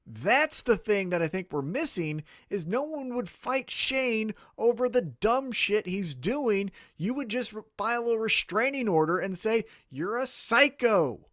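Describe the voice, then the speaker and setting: A man co-hosting a wrestling podcast, chatting casually in a fairly high, lively voice that swings widely in pitch. He swears freely and keeps slipping into mock voices to act out quotes. The sound is dry and close. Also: unhurried, few pauses, no room sound. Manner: animated, profane, acts out mock quotes.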